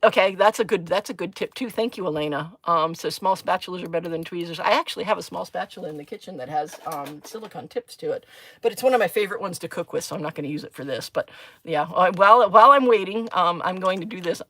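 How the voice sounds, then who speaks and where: Giggly woman crafting on a livestream, bright voice, rambling to her chat. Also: on the low side, quick pace. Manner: chatty, giggly, thinks aloud and answers chat comments. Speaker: craft live-streamer. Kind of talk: casual live-stream chat while crafting.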